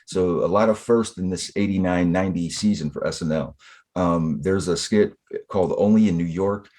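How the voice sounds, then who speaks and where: A man's voice: low-pitched, moderate pace, darkish tone. A man co-hosting a casual podcast, recapping old TV in a laid-back way, with many fillers. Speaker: podcast co-host. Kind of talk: casual chat.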